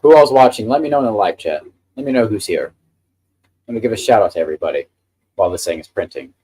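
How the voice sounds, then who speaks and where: A man's voice: on the low side, expressive, fast talker, mellow, slight background noise. A man hosting a casual live stream, chatting with enthusiasm about the printer he is handling. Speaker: livestream host.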